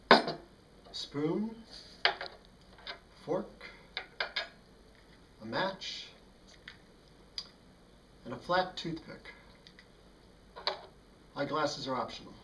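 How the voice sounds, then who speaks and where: A man tells a childhood story in a relaxed, matter-of-fact way, with a dry, wry edge. His voice sits at an ordinary pitch for a man. The recording is roomy, with the mic set some distance away. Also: very slow, pauses often, slight background noise. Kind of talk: casual spoken storytelling.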